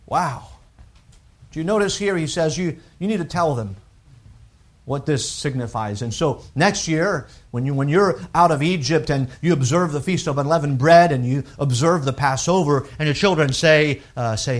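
A man preaching a sermon, reading scripture aloud and explaining it earnestly, swinging between raised and hushed delivery. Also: a little high, normal speed. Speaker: pastor.

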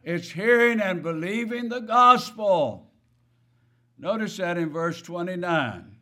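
A man's voice: sits high, lively intonation, takes it slowly, sharp tone. A man preaching a sermon, stressing key words and asking his listeners rhetorical questions.

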